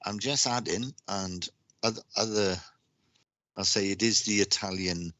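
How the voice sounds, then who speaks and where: A man giving live psychic readings on a stream, speaking haltingly with lots of repeated words and restarts. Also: on the low side, pushed and bright, no echo. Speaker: psychic reader.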